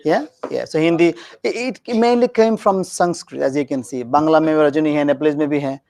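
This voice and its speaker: Animated joking teacher in a classroom. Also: male voice, on the high side, fairly quick. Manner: animated, joking with students, mixes in Hindi phrases. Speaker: grammar teacher. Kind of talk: classroom grammar lesson.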